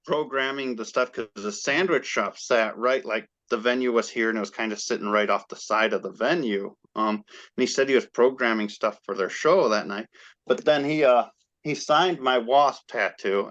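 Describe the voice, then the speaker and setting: A man, a guest fan, telling a story in casual chat, excited and animated as he acts out the quoted dialogue. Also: fairly low pitch, moderate pace, dull audio.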